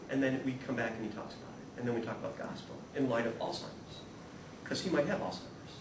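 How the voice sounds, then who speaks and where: A man giving a humorous, animated spiritual talk to a live audience, acting out the people in his stories and swinging from hushed to loud. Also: medium pitch, fast talker. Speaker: guest speaker at a spirituality talk series. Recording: echoey room, voice from far off, audible noise.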